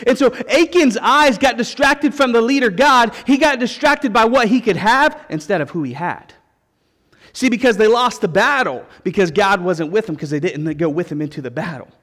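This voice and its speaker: High-voiced pastor in a reverberant church. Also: male voice, moderate pace. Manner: animated storytelling with repeated refrains. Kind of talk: sermon. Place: church sanctuary. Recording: long reverb of a church hall.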